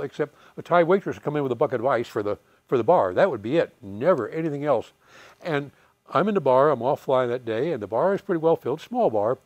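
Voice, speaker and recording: A man in his eighties, a retired fighter pilot telling lively war anecdotes, chuckling and acting out the voices of people he quotes. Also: medium pitch, no echo. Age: 80s. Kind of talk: storytelling anecdotes.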